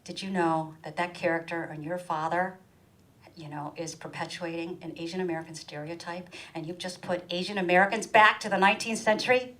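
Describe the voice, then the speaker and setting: A middle-aged woman performing a stand-up comedy monologue in a small room, animated, and jumping high in pitch when she acts out other people's lines. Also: fairly quick, rough recording. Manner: animated, acts out quoted voices with big pitch jumps.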